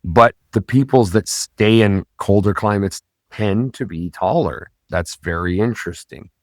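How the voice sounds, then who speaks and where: A man's voice: lowish voice, a little slow, no echo, studio quality. A man hosting a podcast, talking in a casual, rambling way with many fillers and self-corrections. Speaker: podcast host.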